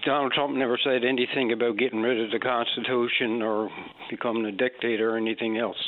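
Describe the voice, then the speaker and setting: A man's voice: medium pitch, flat delivery, fast talker, slight background noise. A male radio caller speaking in a brash, dismissive, rambling way. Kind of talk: call-in radio opinion. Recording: tinny phone line.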